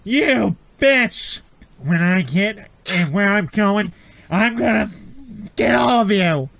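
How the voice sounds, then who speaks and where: A man voicing a captured male outlaw who screams high and shrill in pain at his tormentors. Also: expressive, slow pace, vocal fry, a bit bright, exaggerated voice. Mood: screaming, furious.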